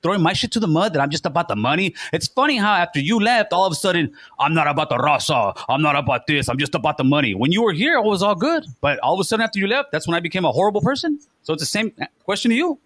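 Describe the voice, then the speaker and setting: Fast-talking man, heated. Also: a little high, big pitch swings, a bit bright, no room sound. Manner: fast, accusing, profane, repeats himself. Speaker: podcast host. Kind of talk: heated confrontation.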